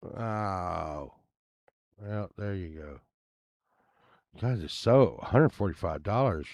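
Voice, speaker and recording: A man's voice: low voice, lively intonation, slow, darkish tone, no room sound. A man rambling casually as he browses items online, grumbling and swearing now and then. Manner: meandering, grumbling asides, occasional swearing. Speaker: vlogger.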